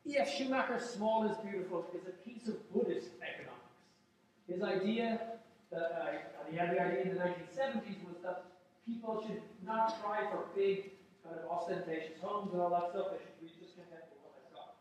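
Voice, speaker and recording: A man's voice: high-pitched, brisk. A man giving a university lecture to students, joking and emphatic, often repeating his phrases. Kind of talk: classroom lecture. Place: lecture hall. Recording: echoey lecture hall from far off.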